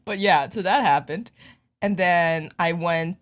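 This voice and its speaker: A woman co-hosting a podcast, chatting casually with a smooth voice often called made for radio, self-mocking and quick to laugh. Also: on the low side. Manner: smooth voice people call radio-ready. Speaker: podcast co-host. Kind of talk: casual chat.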